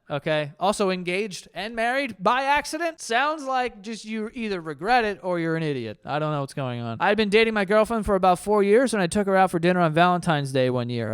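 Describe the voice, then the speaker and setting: A man's voice: sits high, smooth, no echo, studio quality. A male host reading internet confessions aloud and riffing on them with profane, sarcastic, incredulous asides.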